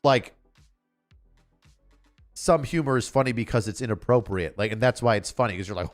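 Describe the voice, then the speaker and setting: A man's voice: mid-range voice, normal speed, pauses often, faint music behind. A man streaming a reaction to a comedy special, ranting in a sarcastic, exasperated way with lots of fillers and swearing. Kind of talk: casual reaction commentary.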